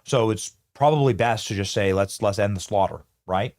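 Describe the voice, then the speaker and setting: A man's voice: lowish voice, normal speed, darkish tone. A man hosting a live political commentary show, riffing animatedly and talking to his producers and chat.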